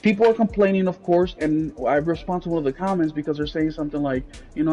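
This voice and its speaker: A man's voice: on the high side, fairly even intonation, a little fast, warm tone, lo-fi sound, faint music behind. A man co-hosting a casual gaming podcast, telling a story in a blunt, ranting way with plenty of swearing. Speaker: podcast co-host.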